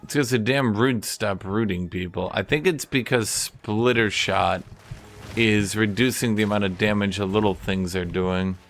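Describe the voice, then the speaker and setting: A man's voice: lowish voice, normal speed. A man streaming a game, chatting jokily with his viewers as he plays. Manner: joking, chatty, talks to chat. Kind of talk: casual gameplay commentary.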